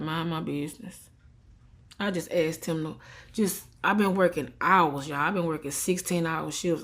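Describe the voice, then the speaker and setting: A tearful woman, venting defiantly into a phone held at arm's length, swinging from quiet and subdued to heated. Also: deep voice. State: tearful after crying. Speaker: vlogger. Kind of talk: emotional selfie vlog rant.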